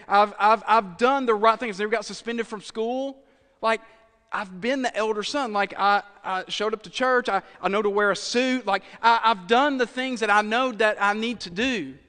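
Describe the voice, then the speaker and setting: A man's voice: high voice, moderate pace, bright, forceful tone, smooth, long reverb tail. A man preaching a sermon in a conversational way, dropping at times from full voice to a near whisper. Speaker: pastor.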